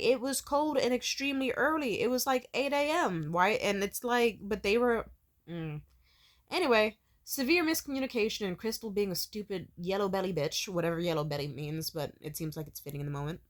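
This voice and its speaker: A young woman in her twenties vents in a rambling, profane rant. Her pitch swings widely as she talks, and her voice jumps between sharp emphasis and quiet asides. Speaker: vlogger. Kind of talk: ranting personal vent.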